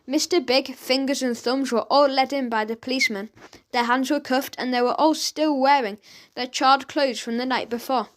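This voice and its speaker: A woman narrating a children's audiobook in a lively, expressive reading. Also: sits high, normal speed. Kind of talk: storybook narration.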